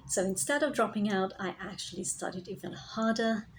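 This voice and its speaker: A woman's voice: medium pitch, normal speed, slight background noise, low-quality recording. A woman, a spiritual healer, telling her personal story in a reflective vlog, sometimes dropping to a whisper.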